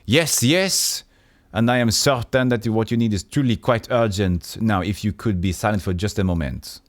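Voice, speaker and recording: A man's voice: lowish voice, moderate pace, no echo, close to an everyday voice. A man doing a prim, haughty tailor. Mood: curt. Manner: primly scolding and condescending. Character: prim, haughty middle-aged male tailor.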